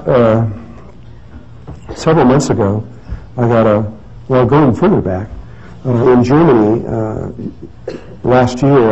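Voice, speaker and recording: A man's voice: mid-range voice, dark tone, slightly rough. A man telling a story in a casual talk, rambling with many restarts and fillers. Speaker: speaker giving a talk. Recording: dull lo-fi recording with faint noise.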